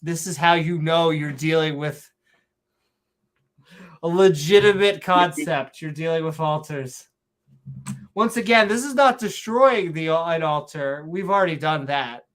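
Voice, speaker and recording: A man with a somewhat high voice reads old scripture at a deliberate, dragging pace. He hosts a podcast and keeps interrupting the verses with dry, sarcastic asides. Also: a bit bright. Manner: sarcastic, reads verses in slow mock-solemn tone. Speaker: podcast host. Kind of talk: sarcastic scripture reading and commentary.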